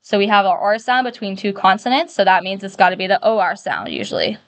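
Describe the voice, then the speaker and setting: A woman teacher giving a phonics lesson, slowly and patiently sounding out the letters of each word. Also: medium pitch, a bit bright, dry recording.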